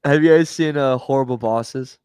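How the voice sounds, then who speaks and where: A man co-hosting a casual sports podcast, telling halting anecdotes with frequent laughs. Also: mid-range voice, darkish tone, clean tone, no room sound. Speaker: podcast co-host.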